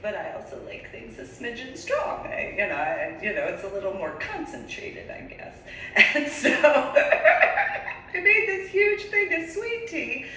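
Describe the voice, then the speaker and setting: A woman in her forties from New Jersey telling a story casually, animated and laughing often, in an echoey room far from the mic. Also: fairly high pitch, unhurried, slight background noise. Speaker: vlogger.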